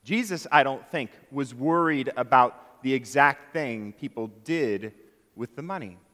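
A man's voice: mid-range voice, measured pace, pushed and bright. Guy pastor giving a laid-back sermon, long church hall echo. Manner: conversational, self-deprecating preaching. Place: church sanctuary. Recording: long reverb of a large hall.

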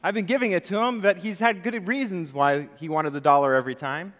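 A man's voice: sits high, a little fast, a bit bright, slight background noise. A man voicing an easygoing father who talks in a casual, offhand way. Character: easygoing father, unaware husband. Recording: long reverb of a large hall.

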